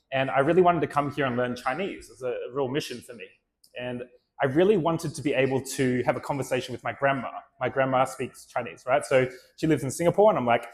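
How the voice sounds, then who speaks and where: A man tells stories to a room in a loose, chatty way, full of "like" and "you know". His pitch sits in a mid range. He sounds easy-going and conversational rather than polished. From Australia. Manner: relaxed, chatty, with many fillers. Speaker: speaker and vlogger. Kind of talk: storytelling talk to an audience.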